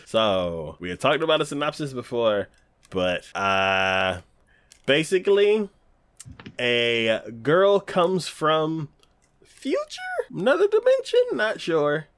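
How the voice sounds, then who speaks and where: Laughing, animated man recapping a show. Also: on the high side, smooth, dry recording. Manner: animated retelling, laughs often, acts out scenes in quick voices. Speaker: podcast co-host reviewing anime. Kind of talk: casual chat.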